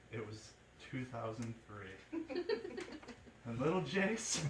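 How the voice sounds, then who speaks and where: A man telling a funny story to a group of friends, animated and laughing often as he acts out the people in it. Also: a little high, noisy background. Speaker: friend giving a toast. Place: indoor room with a gathering of friends. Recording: echoey room, voice from far off, chatter behind.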